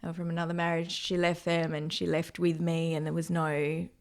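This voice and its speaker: A woman's voice: low-pitched, monotone, brisk, darkish tone. An Australian woman in her thirties, a podcast guest talking candidly and laughing often. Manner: candid, laughs often, acts out quoted voices. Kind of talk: casual podcast interview.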